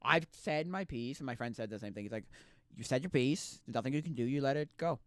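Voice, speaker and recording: A young man streaming casual chat, rambling and restarting, swinging between loud outbursts and quiet mumbles. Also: medium pitch, fast, no room sound, clean studio sound.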